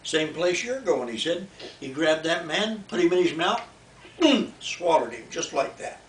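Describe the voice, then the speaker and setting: A man's voice: a little high, sing-song, a little slow. An older man, a grandfather, telling a bedtime story indoors in a folksy, repetitive way. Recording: echoey room, distant mic, faint noise.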